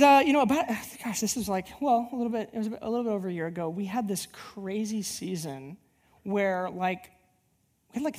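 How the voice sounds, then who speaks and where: A man pastoring a church plant, preaching a sermon and telling a personal story in an animated, rambling way with many restarts. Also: high voice. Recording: long hall reverb.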